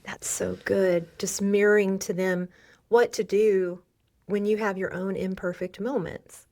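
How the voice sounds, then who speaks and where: A woman's voice: mid-range voice, level tone, measured pace, a little mellow. A middle-aged woman hosting a podcast interview, affirming and reflective toward her guest. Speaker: podcast host.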